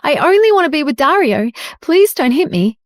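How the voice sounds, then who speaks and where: Give me a woman playing a scheming young woman, high and pleading. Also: very animated, moderate pace, no echo.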